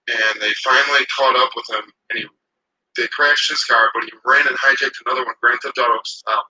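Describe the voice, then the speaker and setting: A man's voice: medium pitch, bright, forceful tone, breathy edge, poor audio. A man ranting casually to camera outdoors. He swears a lot and rambles heatedly.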